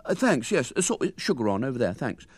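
Cocky schoolboy bragging, mouth full of bun, lively up and down, man doing it. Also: mid-range voice, fast, slightly rough, dry recording, pitched above the performer's own voice. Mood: boastful. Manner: boastful, chattering with his mouth full. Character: boastful schoolboy, full of himself.

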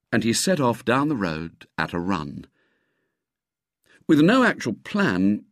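A man reading a children's story aloud with expressive, lively narration. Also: fairly low pitch, dry recording, studio quality.

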